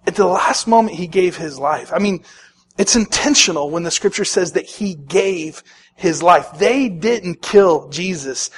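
A man preaching a sermon as a pastor, animated, acting out the people he quotes, with sudden swings between loud and soft. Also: high-pitched, breathy edge.

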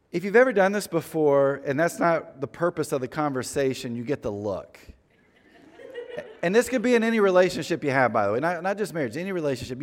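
Man preaching in a reverberant hall. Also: fairly high pitch. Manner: conversational, self-deprecating preaching. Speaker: pastor. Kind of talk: sermon.

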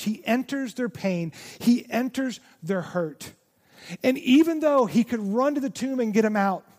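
A male pastor preaching a sermon with great passion, moving between loud emphasis and hushed, near-whispered lines. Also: high voice. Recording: long reverb of a large hall.

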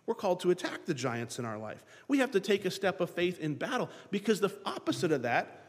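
Man, pastor, sermon, lively swooping delivery, fairly high voice, long reverb. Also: a little fast. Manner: animated preaching, acting out biblical dialogue.

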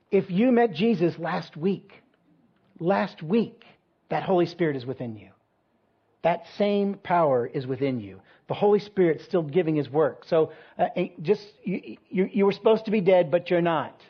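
A pastor preaching in a loose, chatty way, filling his story with ums and self-deprecating asides. His voice is husky and a little higher than most men's. The recording sounds dull and lo-fi. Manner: conversational, self-deprecating storytelling with many fillers. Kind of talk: sermon with personal story.

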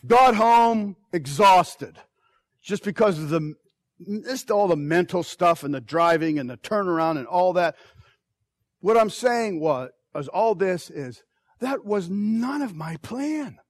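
A middle-aged man, a pastor telling a personal story in a sermon, swinging from loud bursts to quiet asides. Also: high voice, no echo.

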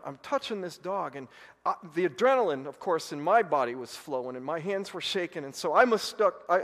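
Man preaching in a reverberant hall. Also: sits high. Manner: storytelling, rising to loud excited outbursts. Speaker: pastor. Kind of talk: sermon.

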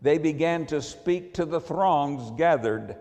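A man's voice: a little high, takes it slowly, darkish tone. A man preaching a sermon, telling a personal story in a wry, storytelling manner. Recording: long hall reverb.

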